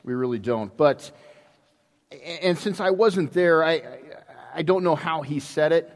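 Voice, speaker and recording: A man's voice: a little high, expressive. Man preaching in an echoing church. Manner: storytelling, halting restarts. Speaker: pastor. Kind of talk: sermon. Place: church sanctuary. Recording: long hall reverb.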